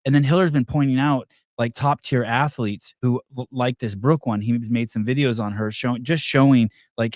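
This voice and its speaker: A man's voice: mid-range voice, moderate pace, few pauses, a little mellow, dry recording, studio quality. A man hosting a podcast in casual chat, rambling and restarting, telling stories and acting out quotes. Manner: rambling storyteller, many fillers and restarts, acts out quotes. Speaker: podcast host.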